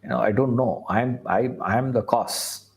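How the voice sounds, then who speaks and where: A man voicing a guilt-stricken male king who confesses haltingly. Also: mid-range voice, vocal fry, lightly acted. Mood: guilty.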